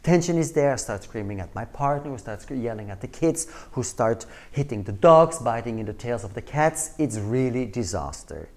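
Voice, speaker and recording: A male trainer tells a story with a lively, swooping delivery and a mellow, warm tone. He acts out the scenes as he goes, slipping in and out of the people he describes. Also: mid-range voice, normal speed, hardly any pauses. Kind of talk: storytelling lecture.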